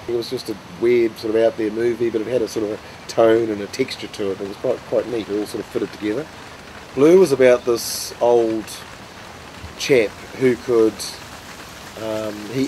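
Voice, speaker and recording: A man's voice: fairly low pitch, poor audio. Self-mocking New Zealand man telling stories. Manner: rambling, self-mocking, laughs at his own stories. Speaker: storyteller of his own acting past. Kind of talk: casual anecdotal storytelling. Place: outdoors in the rain. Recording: steady rain noise behind.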